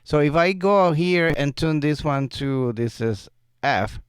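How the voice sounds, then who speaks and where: A man's voice: on the high side, slow, clean tone, no room sound, studio quality. Man explaining vocal tuning. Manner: relaxed, explains step by step, laughs often. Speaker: music producer and tutor. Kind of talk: screen-recorded software tutorial. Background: vocal track playback.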